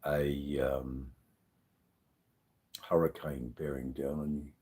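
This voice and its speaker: A man's voice: a bass voice, flat delivery, takes it slowly, mellow, slightly rough. A man with an Australian accent hosting a casual live stream, a bit tipsy, rambling and swearing as he answers viewers' comments. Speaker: livestream host.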